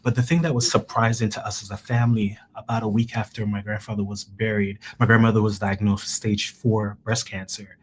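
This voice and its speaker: Earnest man from Jamaica, low flat voice. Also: a little hiss or hum. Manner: halting, restarts often, earnest. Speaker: guest researcher. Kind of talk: interview, personal story.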